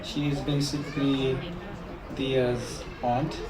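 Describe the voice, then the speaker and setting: A man's voice: medium pitch, level tone, takes it slowly, very noisy. A man acting as emcee at a birthday party, introducing speakers with upbeat energy. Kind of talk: announcing at a party. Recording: echoey hall, distant mic, music and crowd.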